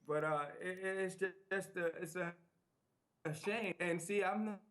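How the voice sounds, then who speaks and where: Male guest, slightly high pitch, earnest, repeats phrases for emphasis, interview. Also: moderate pace, a bit bright. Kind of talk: interview talk. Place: small TV studio.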